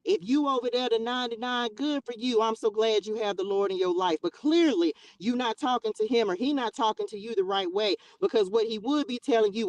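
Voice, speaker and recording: A woman hosting a livestream, preaching in an emphatic, animated way, laughing often and firing off rhetorical questions. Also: on the high side, fairly quick, few pauses, no room sound. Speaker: livestream host. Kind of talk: passionate preaching rant on a livestream.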